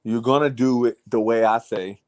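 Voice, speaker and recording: A man's voice: mid-range voice, steady tone, normal speed, darkish tone, smooth. Blunt, profane man telling a story. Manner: blunt, profane, repetitive "I said" retelling. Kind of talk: casual chat.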